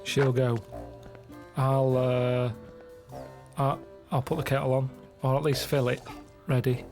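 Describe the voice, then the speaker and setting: A man from England telling stories in a deadpan, matter-of-fact way during a casual comedy podcast chat. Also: medium pitch, slow, over music.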